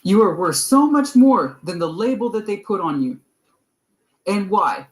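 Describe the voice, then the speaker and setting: A man giving a tarot reading on a livestream, fired up and blunt, with profanity scattered through his advice. His voice sits somewhat high. The room around him is reverberant and hollow. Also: expressive, unhurried. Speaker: tarot reader. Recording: echoey room.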